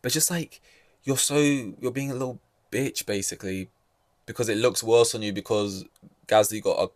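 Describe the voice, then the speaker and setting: A man's voice: medium pitch, moderate pace, no room sound. A young man hosting a podcast, ranting casually and sarcastically, swearing freely. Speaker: podcast host. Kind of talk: casual solo podcast commentary.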